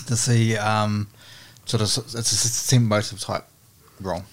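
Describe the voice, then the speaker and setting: A man's voice: lowish voice, fairly even intonation, measured pace. A man playing a tabletop role-playing game, hesitant and stammering as he thinks aloud. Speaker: player. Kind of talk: casual play at a tabletop game.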